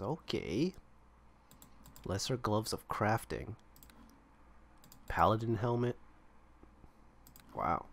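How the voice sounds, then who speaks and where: A man giving casual gameplay commentary, thinking aloud and rambling as he explores an online game. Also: lowish voice. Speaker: gamer playing online roleplaying servers.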